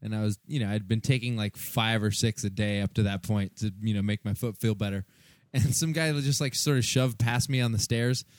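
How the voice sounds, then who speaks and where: A man's voice: fairly low pitch, steady tone, a little fast, no echo. Male podcast co-host, loose rambling storyteller, crude and self-mocking, dry close mic. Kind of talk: casual chat.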